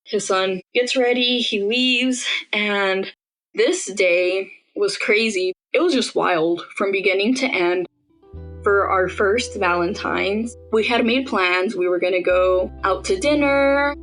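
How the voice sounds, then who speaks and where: A woman's voice: mid-range voice, takes it slowly, fairly bright tone, soft background music, poor audio. Young woman telling her story casually. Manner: casual and conversational, with frequent "like". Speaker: podcast interviewee recounting her own experience. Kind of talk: personal storytelling in an interview.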